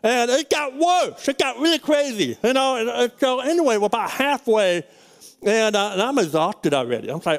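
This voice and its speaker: A man's voice: extremely high pitch, animated, moderate pace, gravelly. A middle-aged male pastor telling a personal story in a sermon, folksy and rambling, with frequent restarts.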